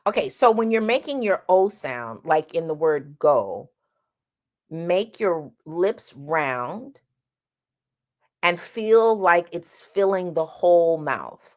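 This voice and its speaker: Woman doing a vocal lesson, slow and low, breaks into sung vowels between explanations. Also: animated. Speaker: singing teacher.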